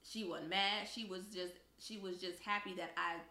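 A woman's voice: medium pitch, moderate pace, echoey room. A young woman co-hosting a podcast, telling a story in casual chat and acting out the voices of the people in it. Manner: animated storyteller, acts out quoted voices. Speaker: podcast co-host.

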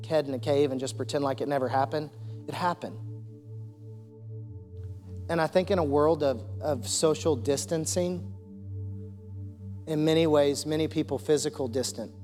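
A man preaching a sermon into a stage microphone, fervent and building to loud declarations. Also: mid-range voice. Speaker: pastor. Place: large church hall. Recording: long hall reverb, faint music.

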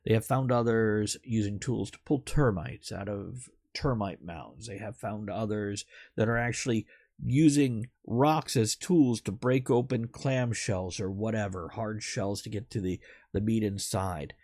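A man's voice: fairly low pitch, a little slow, darkish tone, no room sound, studio quality. A man hosting a podcast in casual, rambling chat who swears now and then. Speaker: podcast host.

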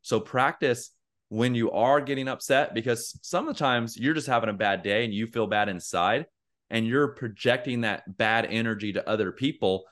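Earnest and rambling, a young podcast co-host chats casually, full of fillers, and raises his voice to act out angry quotes. He has a medium-pitched, fairly bright voice and a moderate pace.

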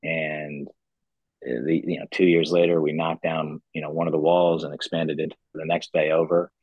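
Very deep, husky-voiced man telling his story. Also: level tone, moderate pace, dry recording, dull audio. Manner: rambling, heavy use of "you know" fillers; earnest and reflective. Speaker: company founder, podcast guest. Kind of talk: casual interview storytelling.

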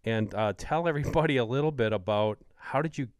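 A man's voice: medium pitch, a little fast, clear, resonant tone, no echo, clean studio sound. A man from Wisconsin hosting a hunting podcast, asking questions eagerly and working through numbers. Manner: enthusiastic, asks questions, quotes numbers. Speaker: podcast host. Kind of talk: casual podcast interview.

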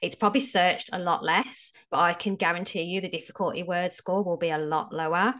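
Speaking with an Australian accent, this SEO strategist is a podcast guest who discusses her field casually and frankly, filling her explanations with lots of filler words. Her slightly low voice has a fairly bright tone, fairly even intonation and a brisk pace.

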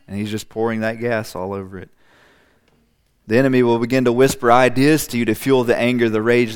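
Smooth-voiced male preacher. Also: medium pitch. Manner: emphatic repetition, acts out voices. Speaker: pastor. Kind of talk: sermon.

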